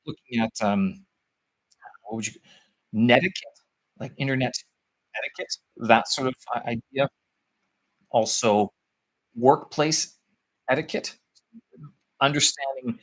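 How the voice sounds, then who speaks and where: A medium-pitched man vlogs live about teaching English abroad over poor audio. He rambles, searching for words as he thinks out loud.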